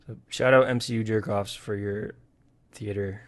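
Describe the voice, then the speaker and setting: A young man with a Texan accent, co-hosting a movie podcast in a laid-back, joking way, often trailing off into a quieter voice. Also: on the low side, fairly even intonation, moderate pace. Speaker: podcast co-host. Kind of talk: casual chat.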